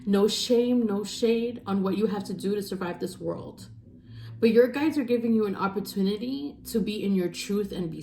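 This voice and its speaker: A woman's voice: mid-range voice, roomy sound, slight background noise. Emphatic woman giving a spiritual reading. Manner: emphatic, repetitive, animated with laughs. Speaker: intuitive counselor giving a tarot reading.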